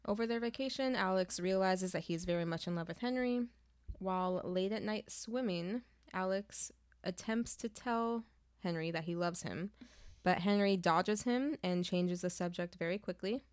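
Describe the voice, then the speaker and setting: A woman's voice: medium pitch, normal speed, smooth, no room sound. Brief: woman co-host, book recap, candid and emphatic, close dry sound. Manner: emphatic, swears freely, laughs often. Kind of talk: casual book chat, summarizing the plot.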